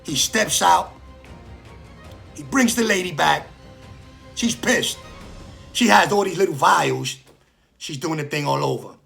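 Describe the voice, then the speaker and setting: Gravelly animated man telling a story. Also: fairly high pitch, unhurried, long pauses, faint music behind. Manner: animated, acts out quoted voices, swears freely. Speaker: storyteller recounting prison life. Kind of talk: casual storytelling monologue.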